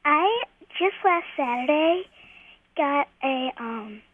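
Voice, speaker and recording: A woman's voice: high voice, expressive, slow, dry recording. A young girl calling a radio show, earnest and chatty, saying "like" often as she explains her problem. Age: teenager. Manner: chatty, earnest, uses "like" a lot. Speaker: caller. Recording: phone call with faint noise.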